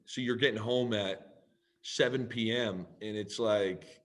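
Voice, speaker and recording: A man, a podcast guest telling long, animated stories in casual, swear-laden chat. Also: fairly low pitch, measured pace. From Canada. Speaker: guest, football player. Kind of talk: casual storytelling in a podcast interview.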